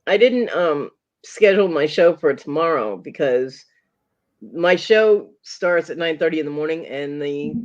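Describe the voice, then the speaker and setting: A woman guest in a casual chat, telling lively stories and acting out what people said. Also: low-pitched, a little slow. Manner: animated storyteller who acts out quotes. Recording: dull lo-fi call audio.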